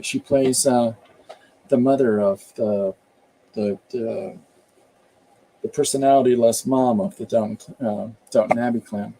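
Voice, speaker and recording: A man's voice: mid-range voice, steady tone, normal speed, vocal fry, dark tone, a little hiss or hum. A man casually chatting on a live stream, rambling about accents and reading viewer comments aloud as he goes. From Canada. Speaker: comic artist hosting a live stream.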